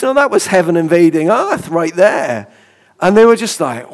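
A man's voice: fairly high pitch, measured pace. A man preaching in a conversational way, telling personal stories with fillers and chuckles.

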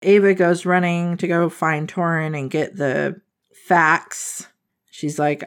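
Book podcast lady recapping the plot, slow and low, laughs a lot. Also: smooth. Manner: animated storytelling, laughs often.

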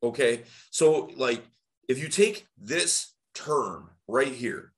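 A man, a dating coach, talking in a casual podcast conversation with an energetic, emphatic public-speaking delivery and big swings in pitch. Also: slow pace. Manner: animated public-speaking tonality.

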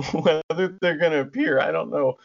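A man's voice: a little high, normal speed, creaky, slight background noise. A man co-hosting a podcast in casual chat, giggly, loose and rambling. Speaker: podcast co-host. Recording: dull lo-fi audio.

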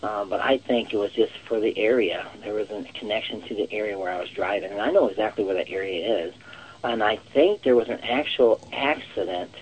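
A man's voice: fairly low pitch, brisk, low-quality recording. A man talking as a psychic guest in a casual interview, rambling and leaning on the word "actual" again and again. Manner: rambling, repeats "actual" often.

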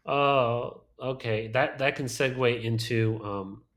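A man's voice: mid-range voice, fairly even intonation, takes it slowly, a bit bright. A man co-hosting a casual movie podcast, rambling with lots of fillers and laughing as he talks. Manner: rambling, full of "like" and "um", laughs often. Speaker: podcast co-host. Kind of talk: casual chat reviewing movies.

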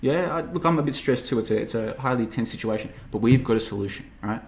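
A man's voice: mid-range voice, animated, quick pace, darkish tone, lightly acted. A man voicing a breezy, overly casual American president in a comedic retelling, chummy and glib.

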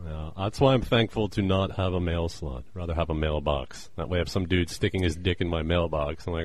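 A man's voice: low-pitched, brisk, few pauses, no echo. A man co-hosting a casual comedic podcast, telling stories with lots of laughter. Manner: laughing, animated storytelling. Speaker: podcast co-host.

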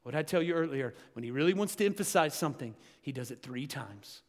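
Man, pastor, sermon, emphatic preaching, slightly higher voice, long hall echo. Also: lively intonation, quick pace. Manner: builds to loud emphatic preaching.

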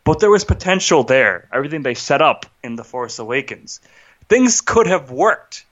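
A man's voice: fairly high pitch, very animated, moderate pace, a bit bright, muffled recording. A man co-hosting a podcast, ranting in an agitated casual way, often stopping to restart and asking "right?". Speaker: podcast co-host. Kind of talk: casual film rant.

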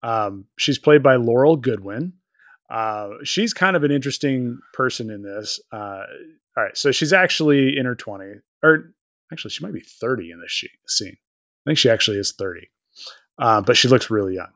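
A man's voice: medium pitch, lively intonation, moderate pace, fairly bright tone, dry recording, studio quality. A man co-hosting a podcast, recapping an episode in casual chat, rambling and joking with plenty of fillers. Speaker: podcast co-host.

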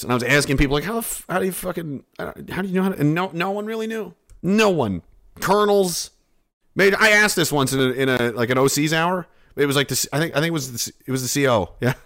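A young man, from Canada, chatting casually to his chat with profane jokes and rambling stories. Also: medium pitch. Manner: profane, joking, animated storytelling with shouted bits. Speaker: streamer reading chat.

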